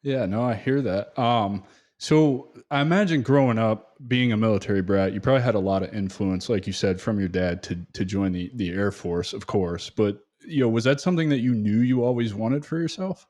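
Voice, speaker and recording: A man hosting a veteran interview podcast, asking questions in a relaxed, conversational way. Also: lowish voice, moderate pace. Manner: relaxed, conversational, with filler restarts.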